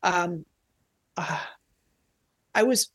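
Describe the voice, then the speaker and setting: A man who is a tennis journalist, chatting as a podcast guest, talking quickly and excitably with lots of restarts. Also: sits high, breathy edge, no echo. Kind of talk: casual podcast chat.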